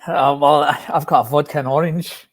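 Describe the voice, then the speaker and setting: A man's voice: a little high, fairly even intonation, moderate pace. A man with a Glaswegian Scottish accent, a podcast guest in casual chat, jokey and laughing, tripping over and repeating his words. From Scotland. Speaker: podcast guest, safety coach.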